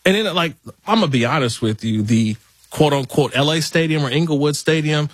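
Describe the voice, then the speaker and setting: A man's voice: on the high side, a little fast, no room sound. A man filling in as host of a sports talk show, chatting casually and laughing with jokey asides. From Los Angeles area. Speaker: fill-in radio show host.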